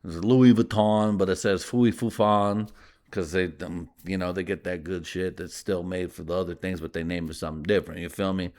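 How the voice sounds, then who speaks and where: A man's voice: low voice, flat delivery, fairly quick, darkish tone. A man from the US with Spanish as his first language, hosting a podcast from his garage in a rambling, profane, laughing monologue. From United States. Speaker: podcast host. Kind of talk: casual comedic monologue. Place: home garage.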